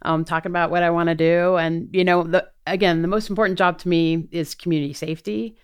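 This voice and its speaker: She talks fast, her voice on the low side, smooth and steady in tone. The speaker is a middle-aged prosecutor seeking the DA's office, earnestly fielding interview questions while reasoning aloud through frequent fillers and restarts.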